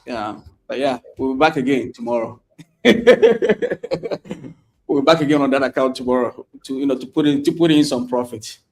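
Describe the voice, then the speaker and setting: A man's voice: medium pitch, expressive, moderate pace, vocal fry, a little mellow. A man doing casual live commentary on his trades, laughing often and repeating words as the market moves.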